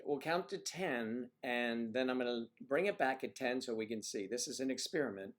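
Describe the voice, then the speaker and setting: A man's voice: medium pitch, lively intonation, normal speed. American man hosting a rambling livestream. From United States. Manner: rambling, fiddly with tech, frequent throat clearing. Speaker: livestream host. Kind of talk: casual livestream chat.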